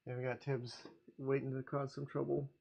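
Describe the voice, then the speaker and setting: A man hosts a relaxed livestream, greeting viewers by name and chuckling as he talks. His voice is gravelly and sits at an ordinary pitch. The audio sounds dull and lo-fi. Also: normal speed. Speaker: livestream host, comic artist. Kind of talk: casual livestream chat.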